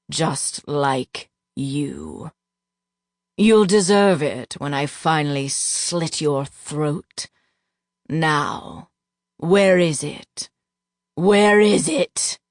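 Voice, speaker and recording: A hissing, half-mad villainous duke drags out each threat in a slow, menacing way, as a woman audiobook narrator puts him on. The voice sits a touch low for her, with a dry, close sound and no room around it. He is cruel and unhinged. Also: fairly even intonation, gravelly, a little mellow, no echo, exaggerated voice.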